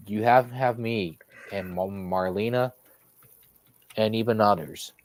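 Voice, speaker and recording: Slow, low-voiced man talking gently. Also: dry recording. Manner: slow and reassuring, with fillers and restarts.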